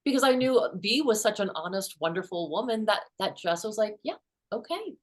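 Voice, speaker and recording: A middle-aged woman author, a guest in an interview, telling personal stories in an animated way and acting out the quotes. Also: medium pitch, fairly quick. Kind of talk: conversational interview storytelling.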